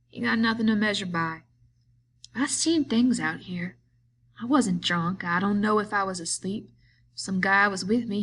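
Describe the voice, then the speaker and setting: A woman voicing a bitter, lonely man who taunts a friend, in a slow, drawling rural way of talking. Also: medium pitch, fairly bright tone, slight background noise, close to an everyday voice.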